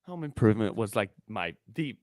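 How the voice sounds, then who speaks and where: A man's voice: fairly low pitch, very animated, a little fast, a little mellow, no echo. A man co-hosting a podcast, chatting loosely with trailing phrases and playful asides. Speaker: podcast co-host. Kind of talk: casual chat.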